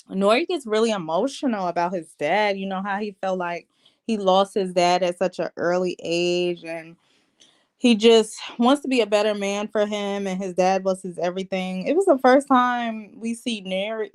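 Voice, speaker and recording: In a medium-pitched, unhurried voice, a woman casually recaps a reality TV episode. She's chatty and animated, tossing slangy asides to her viewers and laughing often.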